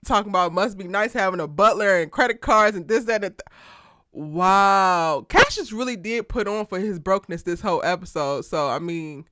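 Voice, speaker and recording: A woman hosting a live TV show recap, talking in an animated, slangy, emphatic way and laughing often. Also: medium pitch, moderate pace, no room sound, clean studio sound. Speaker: TV show aftershow host.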